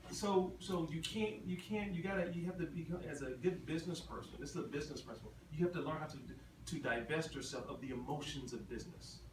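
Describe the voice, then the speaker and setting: Quick and barely pausing, a man with a slightly high voice gives an emphatic, repetitive motivational talk, peppering the crowd with questions. The large convention hall sounds echoey, and the mic is far off amid ambient noise.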